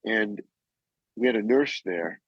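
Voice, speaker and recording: Slow, husky man telling a painful memory. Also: fairly low pitch, no room sound, dull audio. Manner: slow, halting, with pauses and restarts. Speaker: guest, actor and author. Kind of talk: emotional personal storytelling.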